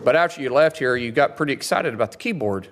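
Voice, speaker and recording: A man's voice: mid-range voice, lively intonation, fast, background noise. A man questioning a witness at a hearing, combative and reading quotes aloud. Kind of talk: hearing confrontation.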